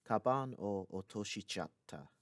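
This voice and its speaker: A man explains a lesson in clear, patient steps, his fairly low voice rising and falling with plenty of movement. The sound is close and dry, with no room around it. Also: lively intonation, unhurried, dry recording. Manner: clear explanatory teaching with occasional asides. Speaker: language teacher. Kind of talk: recorded language lesson.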